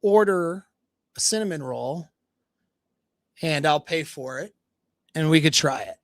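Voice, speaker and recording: A man playing a nonchalant, deadpan flirt. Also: on the high side, unhurried, dry recording, studio quality.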